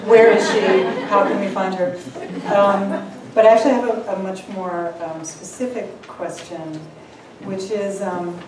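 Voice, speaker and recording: A woman's voice: medium pitch, darkish tone. A woman panelist reading a literary passage aloud, then asking questions with hesitant fillers. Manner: hesitant, many "um"s when asking. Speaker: panelist novelist. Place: literary event hall. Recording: echoey room, distant mic, noisy.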